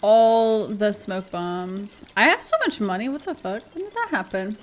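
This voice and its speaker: A woman's voice: mid-range voice, animated, normal speed, a little hiss or hum. A woman streaming a game live, chatty and giggly, talking to her viewers and swearing now and then. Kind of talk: casual chat while gaming on stream.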